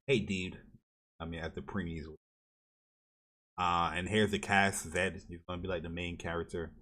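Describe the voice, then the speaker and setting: Excitable low-voiced man rambling about games. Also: normal speed, long pauses. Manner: hyped, rambling with many fillers. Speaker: podcast co-host. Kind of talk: casual gaming podcast chat.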